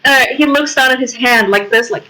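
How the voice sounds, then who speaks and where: A woman's voice: on the high side, a little fast, crowd noise, rough recording. A woman narrating her character's gestures in a tabletop game, laughing along. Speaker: player. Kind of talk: casual tabletop role-play.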